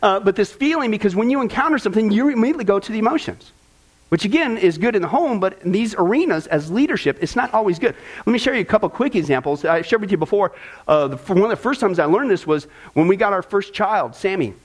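High-voiced man teaching a Bible study. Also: expressive, fast. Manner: anecdotal, with frequent fillers and repeated words; checks in with listeners, asking "right?" and "okay?". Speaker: pastor.

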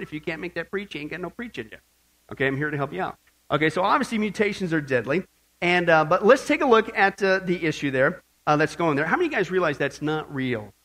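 A man with a high voice preaches a sermon. He reads scripture aloud and puts questions to his listeners. He mixes jokes and emphatic asides into his preaching. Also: fairly bright tone. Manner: emphatic, joking, asks questions of the audience. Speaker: pastor.

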